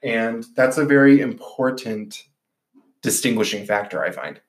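A man's voice: mid-range voice, measured pace. A man co-hosting a podcast in a playful, jokey way, laughing often. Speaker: podcast co-host. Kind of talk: casual podcast chat.

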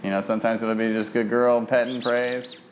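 A man working as a dog trainer, coaching an owner at home with lively praise for the dog. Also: mid-range voice, fairly quick, background noise. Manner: lively, sing-song praise for a dog between plain explanations. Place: home kitchen.

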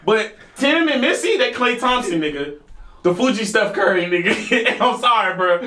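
A man's voice: sits high, animated, normal speed, sharp tone, reverberant, recorded from a distance. A young man co-hosting a casual podcast, teasing and emphatic in debate. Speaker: podcast co-host. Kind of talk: casual chat.

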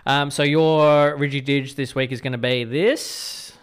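A man's voice: mid-range voice, clean tone. An Australian man co-hosting a breakfast radio show, chatting casually and joking with his co-host. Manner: quick, animated banter with laughs.

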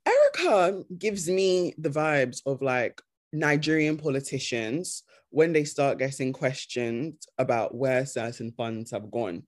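A podcast co-host talking casually with a lively, swooping pitch. Jokes along with quick asides and mocking impressions. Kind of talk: casual chat.

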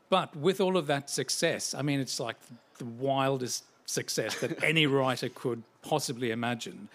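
A man hosting a live on-stage book interview in a measured, friendly way. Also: mid-range voice, fairly bright tone. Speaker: interviewer and event host. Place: stage before a live audience.

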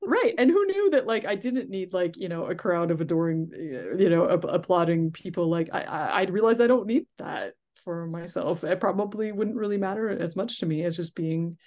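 A woman's voice: fairly low pitch, animated, normal speed, hardly any pauses, darkish tone. A woman talking as a guest in a casual conversation, chatty, with frequent restarts and laughs. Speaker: interview guest, therapist.

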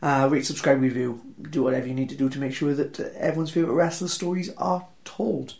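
A man's voice: mid-range voice, steady tone, fast talker, gravelly, a little mellow. A young man with a Welsh accent hosting a wrestling podcast, chatty and self-deprecating, rambling through sponsor reads. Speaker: podcast host. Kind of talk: casual podcast intro and ad reads.

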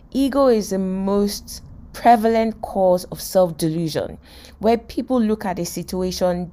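Woman, lowish voice, self-help podcast host, animated storyteller. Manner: lively storyteller who acts out quotes and laughs. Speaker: podcast host teaching life lessons. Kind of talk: motivational talk retelling a sitcom scene.

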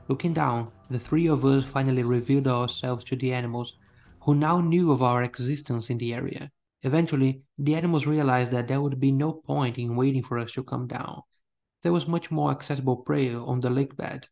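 Male narrator, scripted story reading, steady delivery, faint music underneath. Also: medium pitch, gravelly, dull audio. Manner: steady storytelling, first person.

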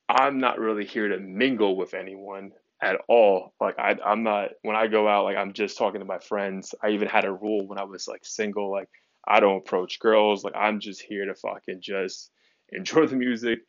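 A man's voice: on the low side, fairly bright tone, no room sound. A young man hosting a podcast, telling a personal story in a candid, casual way with lots of swearing and fillers. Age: young adult. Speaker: podcast host. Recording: dry, dull lo-fi sound.

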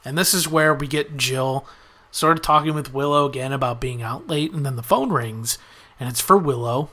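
Bright-voiced man recapping an episode. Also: medium pitch, moderate pace. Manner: chatty storyteller, quotes characters in his own voice. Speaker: podcast host recapping a TV episode.

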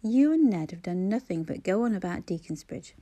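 A man's voice: high voice, animated, brisk, dark tone. A woman reading aloud voices a blunt grown man who teases a friend with emphatic banter. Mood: teasing.

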